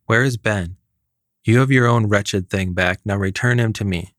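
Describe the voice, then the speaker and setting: A man's voice: lowish voice, normal speed, a bit bright, dry recording, studio quality, natural voice. A man reading a fairy tale aloud, voicing a fierce, protective young mother who speaks defiantly. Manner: defiant, demanding.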